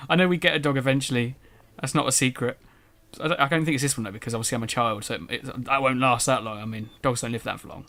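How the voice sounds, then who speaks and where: Giggly young male gamer, mid pitch, excitable commentary. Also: quick pace. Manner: excitable and giggly, cooing at animals. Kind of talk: let's play commentary.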